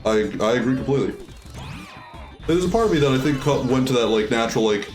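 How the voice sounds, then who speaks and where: A man's voice: mid-range voice, lively intonation, fast talker, a little mellow, soft background music. A man chatting casually while playing a video game, thinking aloud with many fillers. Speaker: let's play streamer. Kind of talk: casual gameplay chat.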